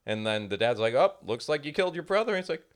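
A man co-hosting a comedy podcast, telling stories in a casual, animated way and acting out other people's voices. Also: mid-range voice, quick pace. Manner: animated storyteller, acts out voices. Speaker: podcast co-host.

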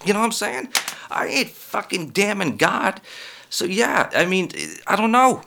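A man's voice: high-pitched, expressive, a little slow, gravelly, sharp tone. A man comedian delivering a rambling, profane comedic monologue and laughing at his own jokes.

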